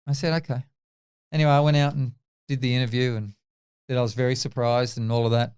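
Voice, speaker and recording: A man in his fifties with an Australian accent, a former test cricketer telling animated stories in an interview and acting out the dialogue. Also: mid-range voice, fast, smooth. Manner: animated anecdotes, acts out quoted dialogue. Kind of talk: casual interview storytelling.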